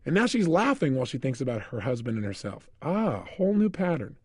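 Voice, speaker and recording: Fast, lively motivational speaker. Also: male voice, medium pitch, breathy edge, dry recording, studio quality. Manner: animated storyteller, acts out scenes. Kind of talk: motivational seminar talk.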